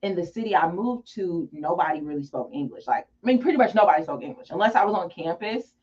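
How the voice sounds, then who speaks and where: Low-voiced woman explaining patiently. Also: fast talker, muffled recording. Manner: explanatory, animated storytelling with laughs. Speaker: guest. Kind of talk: casual interview conversation.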